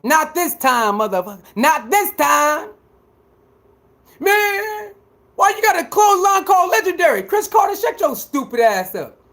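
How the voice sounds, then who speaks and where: A man's voice: very high voice, very animated, unhurried, fairly bright tone. A man delivering a heated, profane sports commentary rant, repeating himself and mocking his critics.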